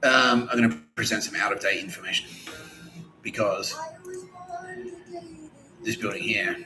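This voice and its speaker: A man's voice: on the low side, fairly even intonation, a little slow, low-quality recording. A man hosting a podcast in a profane, rambling comedic rant, full of restarts. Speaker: podcast host. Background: music.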